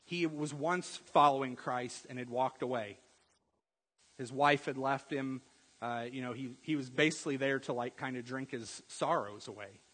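A man preaching a sermon in a conversational storytelling way, often checking in with the congregation with a quick "right?". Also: mid-range voice, fairly bright tone, breathy edge, long reverb tail, poor audio. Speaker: pastor.

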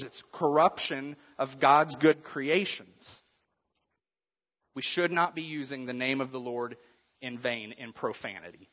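A man's voice: mid-range voice, a bit bright. Earnest man preaching in reverberant church. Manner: earnest, conversational preaching with bursts of humor. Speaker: pastor. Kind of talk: sermon. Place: church sanctuary. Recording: long hall reverb.

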